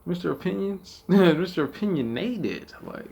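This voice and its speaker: A fairly high-pitched, slightly bright male voice with vocal fry and lively intonation, unhurried in pace. The host of a gaming channel gives casual gameplay commentary, rambling through heavy fillers, swearing freely and laughing often mid-sentence.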